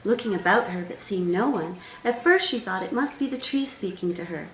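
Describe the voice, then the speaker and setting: A woman author reading aloud from her own storybook in a gentle, measured way. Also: mid-range voice, expressive, a little hiss or hum. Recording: roomy sound, distant mic, faint music.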